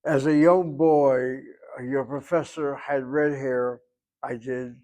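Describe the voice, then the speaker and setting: An older man leads an online Hebrew lesson at a slow pace, his mid-range voice steady and darkish in tone. Between jokes and digressions, he patiently corrects a student's pronunciation.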